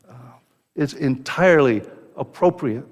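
Man, pastor preaching, slow deliberate delivery, earnest, repeats and restarts words, reverberant church hall. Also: mid-range voice, lively intonation. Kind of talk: sermon.

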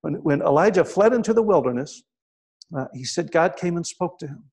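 Speaking fairly quickly in a husky, fairly high, expressive voice, a man preaches, retelling scripture in a relaxed conversational style. Frequent "right?" asides punctuate it, and he grows hushed during quiet moments.

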